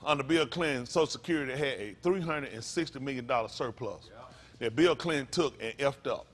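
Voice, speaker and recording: A male pastor preaches a fiery, slangy sermon to his congregation, firing rhetorical questions at the room. His intonation is lively and his pace fairly quick, swinging from low mutters to sudden loud bursts.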